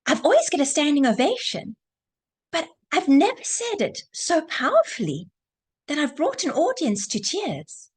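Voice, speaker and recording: A woman doing a high, wondering stage actor. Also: huge pitch swings, unhurried, heavily acted. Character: famous stage actor, puzzled and admiring.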